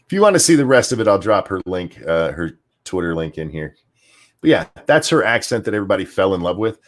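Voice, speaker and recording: A man's voice: low-pitched, sing-song, quick pace. Sarcastic, swearing male commentary host. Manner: sarcastic, profane, stammering restarts. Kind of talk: ranting commentary stream.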